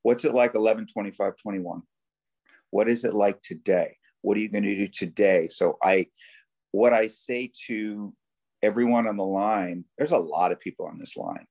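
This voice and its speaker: Deep gravelly man sharing earnestly. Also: a little mellow. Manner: earnest, halting. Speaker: recovery meeting member. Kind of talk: sharing at a recovery meeting.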